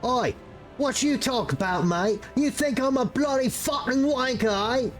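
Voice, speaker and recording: A man's voice: high voice, moderate pace, darkish tone, soft background music, pitched above the performer's own voice, close to an everyday voice. A man voicing a terrified young male peasant rebel, speaking in a put-on British accent with urgent, pleading delivery. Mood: defiant. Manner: urgent, pleading, breathless storytelling.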